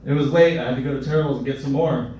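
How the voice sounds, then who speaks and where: A young man performing a crude, rambling stand-up comedy set, jumping into loud high voices for the people he quotes. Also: steady tone, fast. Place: live comedy club. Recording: echoey room, mic a bit distant.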